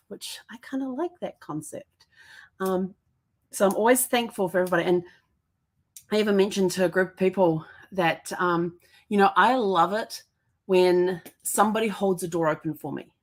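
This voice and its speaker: Upbeat New woman hosting live. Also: on the low side. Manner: chatty, upbeat storytelling. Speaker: podcast host. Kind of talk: casual live-streamed monologue. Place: indoors at home.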